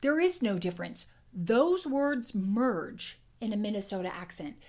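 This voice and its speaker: A woman accent coach giving an explanatory lesson, clearly demonstrating individual sounds. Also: medium pitch, animated, measured pace, hardly any pauses, darkish tone.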